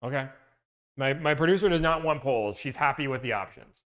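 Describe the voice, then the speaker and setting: On a loud, peaking mic, a livestream host chats casually while going down a list and throwing in playful movie-quote impressions. His voice sits at medium pitch with lively intonation, and he talks a little fast.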